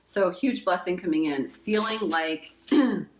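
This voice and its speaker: A woman's voice: lowish voice, animated, unhurried, reverberant. A woman giving a casual pick-a-card tarot reading. She reads oracle card messages aloud and gushes with emotion, swearing casually along the way.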